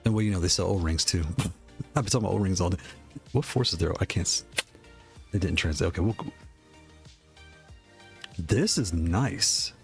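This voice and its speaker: A man from the Northeast of the US is chatting his way through a live stream, reading questions from chat and thinking out loud. His voice sits on the low side, and he breaks into excited reactions. A little music plays faintly in the background. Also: normal speed, vocal fry, pauses often. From Northeast United States. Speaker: streamer reviewing game controllers.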